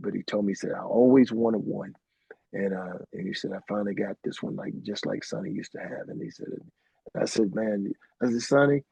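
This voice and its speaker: A middle-aged man from Arkansas, appearing as an interview guest, tells rambling anecdotes peppered with "man." His lowish voice is gravelly, slightly rough, and darkish in tone, captured in a dry, dull lo-fi recording.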